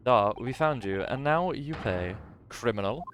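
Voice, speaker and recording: A man reading a game aloud as a stern, threatening ship officer, speaking slowly in a mock-menacing way. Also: medium pitch, expressive, a little hiss or hum, lightly acted.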